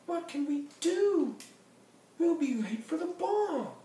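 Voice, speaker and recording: A man voicing a worried male bear musician, crying out in a high, fretful voice. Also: very animated, takes it slowly, dark tone, exaggerated voice. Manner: fretful, high-pitched cries. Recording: echoey room, mic far off.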